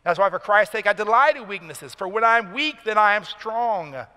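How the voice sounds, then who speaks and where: Male pastor, emphatic sermon delivery, sharp bright tone, long church-hall reverb. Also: high voice, lively intonation, normal speed, clear, resonant tone. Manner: emphatic preaching, rising for key points. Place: church sanctuary.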